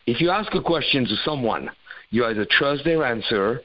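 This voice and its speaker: Man, motivational coach, emphatic and preachy, mid-pitched, muffled lo-fi audio. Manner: emphatic, preachy, acts out quoted voices. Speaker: pickup coach.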